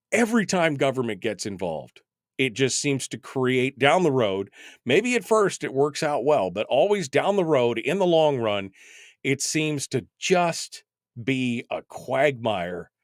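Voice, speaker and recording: A man's voice: medium pitch, sing-song, takes it slowly, no room sound, clean studio sound. A man in his fifties hosting a talk radio show, delivering a wry, exasperated, rambling monologue full of asides. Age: 50s.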